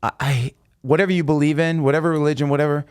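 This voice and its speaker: A man's voice: on the high side, quick pace, clean tone, no echo, studio quality. A man telling stories casually and emphatically as a podcast guest. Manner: animated, emphatic storyteller. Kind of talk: casual storytelling.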